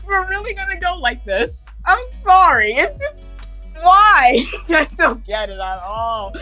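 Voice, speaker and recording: A woman on a voice call giving an excitable reaction, her voice jumping high in disbelief. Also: unhurried, soft background music, poor audio. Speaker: panel guest. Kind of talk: casual reaction rant.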